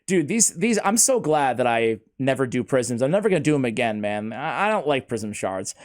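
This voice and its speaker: A man hosting a casual gaming chat, excitable and laughing often, talking like he's with a buddy. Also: mid-range voice, normal speed. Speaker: host.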